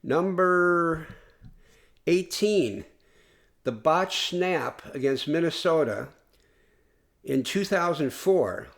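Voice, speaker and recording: A man's voice: on the high side, lively intonation, drawn-out words, long pauses, a bit bright. A man hosting a casual solo podcast, talking in an earnest, rambling way and often restarting his sentences. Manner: rambling, earnest fan talk with frequent restarts. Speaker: podcast host.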